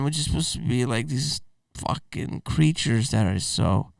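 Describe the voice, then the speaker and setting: A man's voice: mid-range voice, animated, a little slow, vocal fry, no echo, clean studio sound, recorded from a distance. A man hosting a podcast, reacting to clips in a blunt, rambling, profane way. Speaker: podcast host. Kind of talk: casual reaction commentary.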